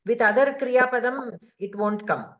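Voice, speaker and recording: A woman teaching a grammar class over a video call, explaining patiently step by step with many pauses and fillers. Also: fairly high pitch, lo-fi sound.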